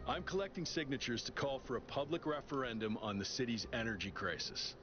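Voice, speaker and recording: A man's voice: medium pitch, brisk, close to an everyday voice. A man voicing a laid-back android activist. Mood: earnest. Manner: earnest, persuasive. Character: earnest young male android activist. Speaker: petition-gathering transit worker. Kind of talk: video game dialogue. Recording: dull audio under game music.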